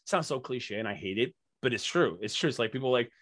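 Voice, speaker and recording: Guest man, bright lively voice, loose profane storyteller. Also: mid-range voice, quick pace. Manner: animated, profane, lots of fillers. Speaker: podcast guest telling a story. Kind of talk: casual storytelling.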